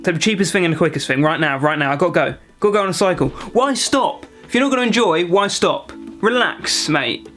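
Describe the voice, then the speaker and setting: A young British man in a vlog, ranting to camera in an animated, exaggerated way with mock outrage. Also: high voice, brisk, soft background music. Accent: British English. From Britain. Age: young adult. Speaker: vlogger. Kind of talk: comedic rant to camera.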